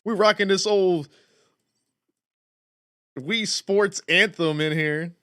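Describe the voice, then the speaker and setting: A man's voice: high voice, takes it slowly, pushed and bright. A man livestreaming, cheerfully greeting viewers by name and chatting casually.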